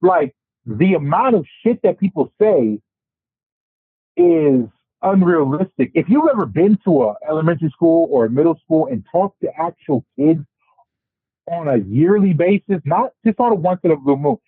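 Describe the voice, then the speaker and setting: A man on a casual podcast discussion, ranting in an animated, profane way. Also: fairly high pitch, normal speed, slightly rough, dry recording. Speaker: podcast panelist. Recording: tinny phone-like, dry sound.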